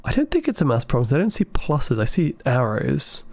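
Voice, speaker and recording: A man livestreaming a puzzle game, thinking aloud with excited asides to his chat. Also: medium pitch, fairly quick, gravelly, no room sound. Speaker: game streamer. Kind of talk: live gameplay commentary.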